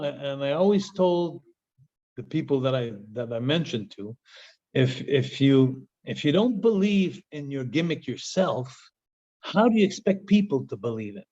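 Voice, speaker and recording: A man telling stories as an interview guest, animated, laughing often and repeating words. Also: mid-range voice. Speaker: guest, former pro wrestler. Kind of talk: casual interview storytelling. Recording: dull lo-fi sound.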